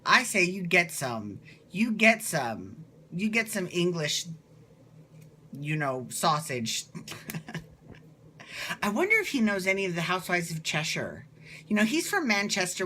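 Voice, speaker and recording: Bright-voiced gossipy man. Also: on the high side, slight background noise. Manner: chatty, gossipy, swears freely. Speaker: TV recap vlogger. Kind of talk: casual gossipy recap.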